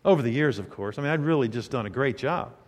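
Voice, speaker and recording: A male pastor delivering a sermon, moving between soft, intimate storytelling and loud, fervent preaching. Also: medium pitch, lively intonation, quick pace, big-room sound.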